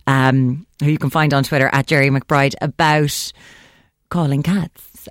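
A woman's voice: very deep voice, no room sound. An Irish woman hosting a casual radio show, chatting, laughing easily and reading out listener messages from a studio mic. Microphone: studio microphone.

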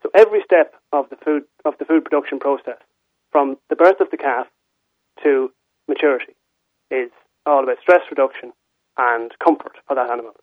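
A man's voice: mid-range voice, a little fast, pauses often, no room sound. A man with an Irish accent, a farmer calling in to a radio show, explaining his point steadily and earnestly over the phone. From Ireland. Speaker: dairy and meat farmer calling in. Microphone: telephone. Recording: tinny phone line.

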